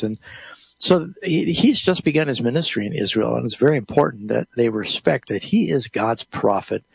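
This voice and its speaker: A man's voice: mid-range voice, lively intonation, brisk, gravelly, a little mellow, breathy edge, no echo. A man hosting a Bible call-in radio show, explaining scripture plainly to callers and reading passages aloud. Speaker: radio Bible program host.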